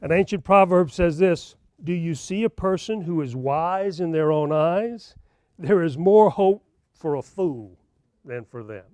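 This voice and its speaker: Animated high-voiced man telling a story. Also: unhurried, dry recording. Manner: animated storyteller acting out dialogue. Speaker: conference speaker. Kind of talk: storytelling keynote talk.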